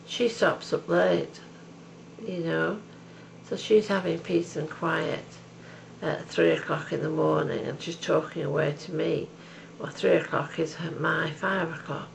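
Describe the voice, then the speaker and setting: Very creaky, slow-speaking older woman. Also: deep voice, fairly even intonation, slight background noise, low-quality recording. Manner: slow, tender and devout, calls the listener love and darling. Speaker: video message sender. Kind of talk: heartfelt personal message.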